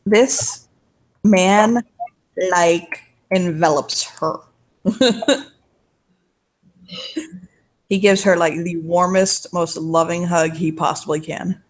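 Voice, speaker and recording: A player narrating a character's actions in a tabletop role-play, softly and unhurriedly. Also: mid-range voice, steady tone, extremely slow, long pauses.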